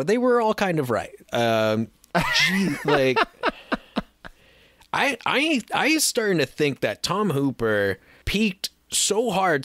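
A man co-hosting a podcast in casual chat, ranting in an animated, profane way with frequent restarts. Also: mid-range voice, no room sound, clean studio sound. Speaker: podcast co-host.

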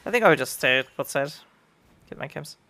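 A man's voice: a little high, lively intonation, brisk, sharp tone. A man, an English speaker, giving casual gameplay commentary as a streamer, with gamer slang. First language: German.

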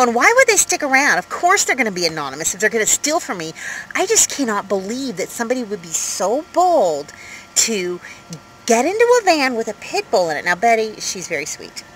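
A woman in her fifties rambles through a story to her camera, animated and full of fillers, with her pitch sitting right in the middle. It sounds like a casual van vlog, and a faint hiss runs underneath. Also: rough recording. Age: 50s. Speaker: vlogger.

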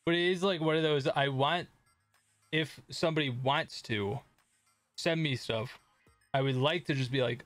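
A man's voice: on the high side, normal speed, pauses often, a bit bright, no room sound, faint music behind. A man streaming a video game, chatting casually with viewers in a rambling, self-deprecating way and swearing at the game. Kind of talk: casual gameplay commentary.

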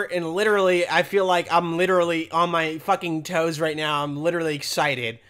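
High-voiced young man ranting crudely. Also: fairly even intonation, brisk, hardly any pauses, a bit bright, clean tone. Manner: crude, rambling, mock-outraged. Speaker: commentary host. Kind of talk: comedic reaction commentary.

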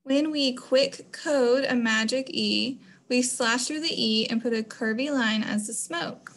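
A woman's voice: fairly high pitch, unhurried. A woman teaching a phonics lesson to children, explaining patiently step by step.

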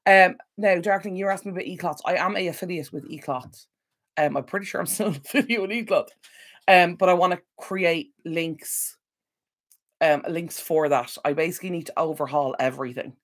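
A woman chats through a home livestream at her desk mic, her voice sitting a little low. She rambles, apologizes often and loses her thread, sounding like she is still on the mend. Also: fairly quick. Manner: rambling, apologetic, easily sidetracked. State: recovering from illness. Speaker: decluttering channel host. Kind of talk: casual livestream Q&A chat. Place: home room at a computer. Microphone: desk microphone.

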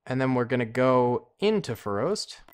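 A man giving casual, excitable, slangy commentary while playing a strategy game, talking to himself and his viewers. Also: mid-range voice, normal speed. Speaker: gaming commentator. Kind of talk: casual let's-play commentary.

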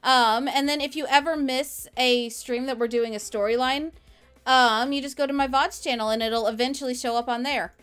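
A woman's voice: high-pitched, steady tone, moderate pace, fairly bright tone, clear, resonant tone. A woman live streamer chatting casually from home while she plays a game, rambling as she answers viewers' messages.

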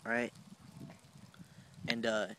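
A man's voice: mid-range voice, monotone, slow. Rambling young man vlogging outdoors. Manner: rambling, filler-heavy, easygoing. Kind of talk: casual vlog chat. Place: outdoors in a park. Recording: loud outdoor noise on a camera mic.

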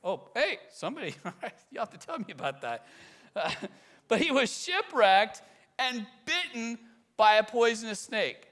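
A pastor from the Bay Area giving a conversational sermon, telling stories with animated swings between loud emphasis and quiet asides. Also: male voice, extremely high pitch, unhurried. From California Bay Area.

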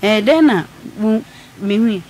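A woman calling a radio show, telling a personal story in an earnest, soft-spoken way. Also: medium pitch, expressive, moderate pace. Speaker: caller.

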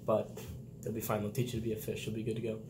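A man's voice: on the low side, fast talker. A young man recounts boot camp in loose, casual chat. He acts out quotes and laughs along as he goes. The recording carries a faint background hiss. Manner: animated storytelling, laughs often, acts out quotes loudly. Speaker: vlog host, Navy sailor.

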